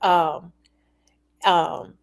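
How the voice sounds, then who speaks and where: A woman's voice: lowish voice, fairly even intonation, very slow, gravelly. A woman co-hosting a devotional chat, reading verses aloud and stressing key words with emphasis. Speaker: co-host.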